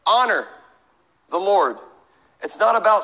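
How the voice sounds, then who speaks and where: Man, middle-aged pastor, sermon, high voice, bright tone, joking call-and-response. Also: normal speed, poor audio. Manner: preaching with humor and call-and-response.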